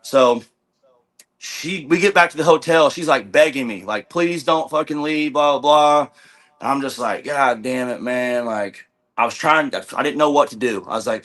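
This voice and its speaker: A man's voice: medium pitch, normal speed, a bit bright. A young man, a podcast guest, telling a long story in casual chat, swearing often and acting out the quoted dialogue. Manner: rambling, profane, retells with quoted dialogue.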